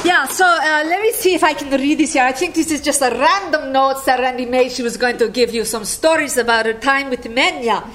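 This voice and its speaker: A woman as Nyalla, chatty high clown lady. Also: a bit bright, slight background noise. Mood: playful. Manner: rambling, halting, reading from notes. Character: chatty female clown persona, playful, storytelling.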